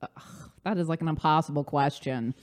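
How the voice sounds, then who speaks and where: Chatty American woman, talking fast. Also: deep voice. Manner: chatty, animated storytelling with frequent "like". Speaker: guest, life coach. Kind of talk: casual interview chat.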